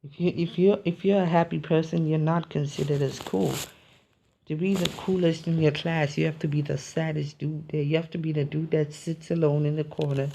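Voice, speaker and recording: A man's voice: fairly high pitch, steady tone, moderate pace, gravelly, warm tone, a little hiss or hum. A man vlogging in a casual, rambling monologue, musing philosophically and often checking in with his listeners. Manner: rambling, philosophical, peppered with "you feel me" and "man".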